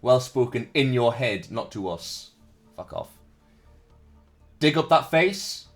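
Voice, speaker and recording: A man's voice: mid-range voice, animated, slow pace, soft background music. Jokey profane male game streamer. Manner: jokey and profane, reads narration dramatically. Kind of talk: live-streamed game reading and chat banter.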